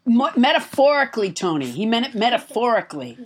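A woman's voice: fairly high pitch, sing-song, quick pace. A woman hosting a comedy podcast, wry and playful, often stammering as she works toward a point. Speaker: podcast host. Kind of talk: casual comedic podcast banter.

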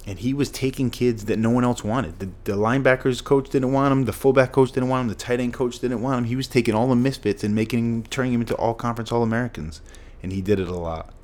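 Speaking at a quick clip with few pauses, this man has a medium-pitched, somewhat mellow voice. He's middle-aged, from Massachusetts, and an ex-football player telling stories on a podcast as a guest. He hammers points home with emphasis and repeated phrases.

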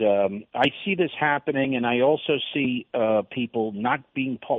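A man calling in to a radio show, speaking earnestly and haltingly with many restarts. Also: medium pitch, no room sound. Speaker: caller. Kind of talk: phone-in radio call. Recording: tinny phone line.

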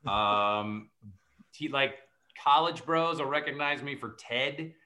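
A man's voice: medium pitch, slow pace, bright, forceful tone. A man who is an actor and comedian, chatting as a guest with a joking, self-mocking manner. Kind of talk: casual chat.

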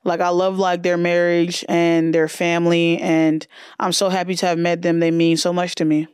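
A woman hosting her own podcast, chatting in a brash, profane, animated way. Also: fairly low pitch, normal speed, clean tone, dry recording, studio quality. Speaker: podcast host. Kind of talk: casual solo podcast chat.

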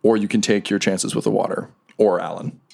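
A man's voice: on the low side, fairly even intonation, fairly quick, vocal fry, darkish tone, husky. A man narrating a tabletop game as game master, loose and casual with many fillers.

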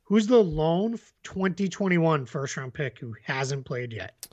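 Man, podcast co-host, casual sports chat, filler-heavy, slightly raised pitch, dull lo-fi recording. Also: big pitch swings, a little slow, darkish tone. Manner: chatty, many fillers, laughs easily. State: hiccups.

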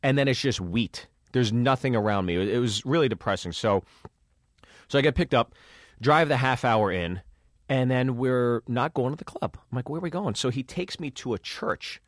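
Man, comedian, mid-pitch voice, animated storytelling, profane, dry studio sound. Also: moderate pace, no room sound. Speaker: comedian podcast co-host. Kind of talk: casual storytelling chat.

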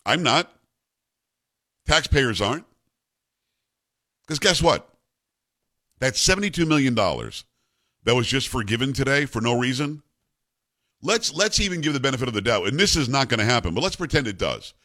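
A man's voice: mid-range voice, big pitch swings, moderate pace, long pauses, pushed and bright. A man in his fifties hosting a talk radio show, giving opinionated commentary in an emphatic, conversational way and mixing in personal stories.

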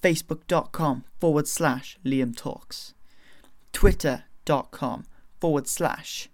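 A man's voice: a little high, slow pace, no room sound. A man hosting his own podcast, chatting casually with self-mocking, rambling asides. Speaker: podcast host.

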